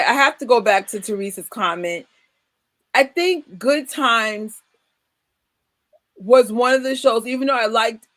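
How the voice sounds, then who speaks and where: A woman in her forties from the United States hosting a casual chat, emphatic and animated, often breaking into laughter. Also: medium pitch, no echo. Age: 40s. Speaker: host.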